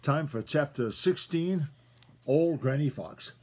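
Husky grandfather reading a storybook. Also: fairly high pitch, lively intonation, takes it slowly, darkish tone. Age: older. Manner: folksy, chatty asides to listeners. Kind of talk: reading a children's story aloud.

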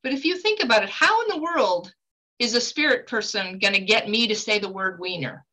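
Woman, guest medium, bright voice, earnest and animated, mid-pitch. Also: fairly quick, poor audio. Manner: earnest, animated storyteller with emphatic pitch swings. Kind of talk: conversational teaching talk.

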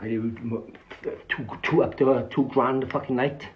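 A man rambles through a story in casual chat, swearing in nearly every sentence and restarting his words as he goes. His voice sits at a middling pitch. The sound is muffled and lo-fi, like a phone recording. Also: steady tone, normal speed, slight background noise. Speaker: social media storyteller.

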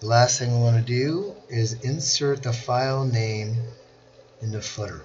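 A man at a mid-range pitch narrates a screen-recorded software lesson, slow and deliberate as he walks through every step. The sound is dull and lo-fi, with a faint hiss behind it. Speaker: instructor.

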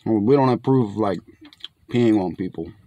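A man's voice: lowish voice, normal speed, warm tone. A young man casually reviewing canned fish outdoors, chatty and laid-back, often calling viewers his friends. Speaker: food reviewer. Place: outdoors in bright sun.

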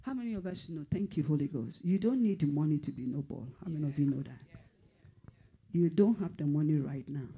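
A fervent male pastor delivering prophecy with a dark, husky tone. He repeats his phrases for emphasis and at times sinks to a whisper. His pitch sits somewhat high for a man. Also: lively intonation, brisk. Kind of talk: prophetic sermon.

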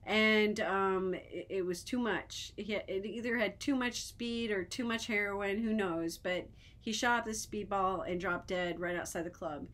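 A woman's voice: medium pitch, a little slow, few pauses. Giggly, chatty woman telling stories. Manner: giggly, animated, breaks into laughter; chatty with many fillers and restarts. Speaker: vlogger. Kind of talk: casual storytelling to camera.

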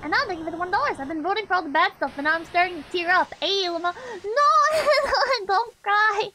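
A woman's voice: very high voice, very fast, bright, forceful tone, slight background noise. A woman streamer giving casual, brash game commentary, swearing often and laughing a lot.

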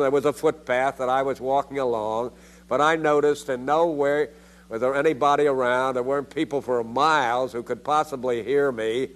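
An older man delivers a theology lecture with a middle-pitched voice. He presses his points with rhetorical questions, and his pitch leaps up sharply when he stresses them. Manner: emphatic, with rhetorical questions and sudden rises in pitch.

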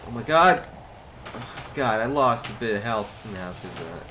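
A bright, forceful male voice that jumps all over its pitch range, shouting at the game one moment and trading jabs with his brother the next. He is streaming a video game in casual chat. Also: moderate pace, slight background noise. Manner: excitable, exclaims at the game, bickers with his brother.

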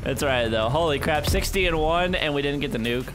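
A young man giving live gameplay commentary, muttering one moment and yelling in frustration the next, with game gunfire and music underneath. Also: on the high side, fairly quick. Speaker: gaming YouTuber. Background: game gunfire and instrumental music.

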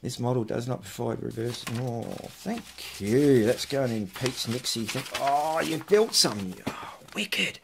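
A man's voice: medium pitch, measured pace, gravelly, few pauses, background noise. A man chatting casually while unboxing parcels for his vlog, muttering asides to himself between remarks. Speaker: electronics hobbyist vlogger.

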